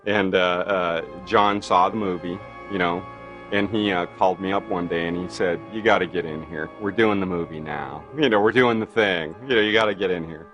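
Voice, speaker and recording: A low-voiced man, interviewed about his film work, tells anecdotes animatedly at a moderate pace, acting out quoted dialogue and saying "you know" often amid many fillers. The highs are cut off and soft music plays in the background.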